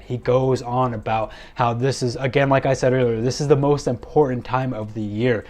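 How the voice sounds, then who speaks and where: A man's voice: mid-range voice, darkish tone. Man casually recapping a wrestling show. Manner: loose and rambling, many fillers and self-corrections. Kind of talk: casual solo recap from notes.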